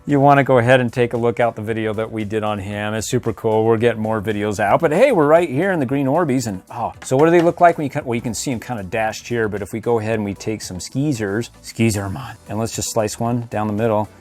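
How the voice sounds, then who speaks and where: A man's voice: on the low side, steady tone, quick pace, darkish tone, soft background music. A man hosting a casual toy review video, playful and ad-libbing, laughing often. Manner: playful, laughs often, ad-libs silly voices.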